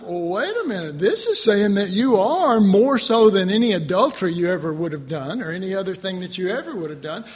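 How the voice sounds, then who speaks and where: A male pastor preaching a sermon in an animated, rhetorical way, with self-mocking asides. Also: sits high, fairly quick, hardly any pauses, in a large hall.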